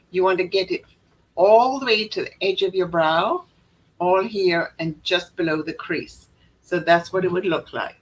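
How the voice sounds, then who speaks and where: A woman's voice: lowish voice, a bit bright, low-quality recording. A woman giving a chatty makeup lesson, showing steps on camera and often repeating or correcting herself. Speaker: makeup instructor. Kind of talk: live makeup tutorial.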